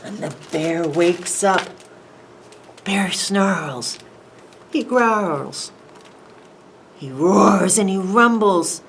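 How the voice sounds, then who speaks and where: A woman librarian reading a picture book aloud at a preschool storytime, animated and sing-song, asking the children questions. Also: mid-range voice, extremely slow, long pauses, a little hiss or hum, rough recording.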